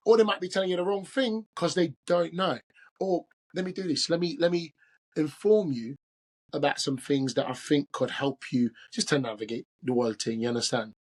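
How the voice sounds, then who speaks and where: A man's voice: on the high side, normal speed, lightly acted. A podcast host doing an amateur London accent as a father giving earnest, protective advice to his grown daughter. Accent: put-on London English. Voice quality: amateur mock British accent. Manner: earnest, protective, street-slang phrasing. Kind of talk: imagined talk to his daughter.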